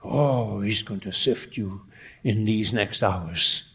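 A man preaching a sermon, emphatic, with rising exclamations and lines that drop to a hush. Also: lowish voice, slow pace, breathy edge.

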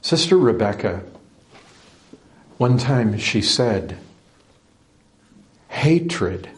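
A man preaching a sermon, emphatic, with sudden surges in pitch and loudness. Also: very animated, extremely slow.

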